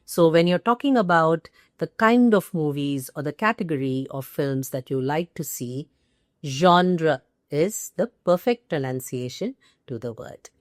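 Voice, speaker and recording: A woman with an Indian English accent, teaching English pronunciation as host and stressing key words slowly. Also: sits low, animated, no echo, studio quality. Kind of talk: pronunciation lesson to camera.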